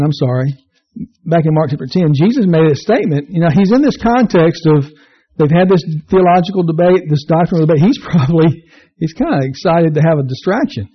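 A man's voice: high-pitched, lo-fi sound. A man preaching a sermon in a conversational, self-deprecating way, mixing jokes with scripture. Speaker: pastor.

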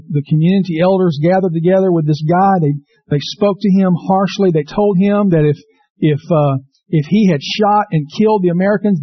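A man preaching a sermon, telling a personal story in an animated, folksy, emphatic way. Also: fairly high pitch, no room sound. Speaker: pastor. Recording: dull, slightly muffled sound.

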